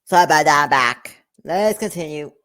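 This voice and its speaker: A woman's voice: deep voice, lively intonation, moderate pace, fairly bright tone. A woman casually commenting over a video she is watching, with chatty, apologetic asides. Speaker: reaction video host.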